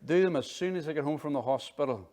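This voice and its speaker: A middle-aged man preaching a sermon in an animated, conversational way, full of asides. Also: fairly high pitch, quick pace. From Northern Ireland. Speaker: pastor.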